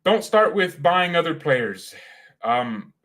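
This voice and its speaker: A man's voice: a little high, very animated, slow pace, a bit bright. A man hosting a casual live match watchalong as a fan, talking in an opinionated, rambling and slangy way. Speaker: fan channel host.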